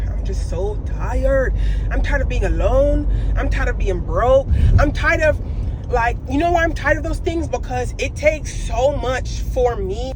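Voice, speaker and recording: A young woman talking candidly in a casual vlog, slangy and expressive, swearing freely. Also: on the high side, background noise. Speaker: vlogger.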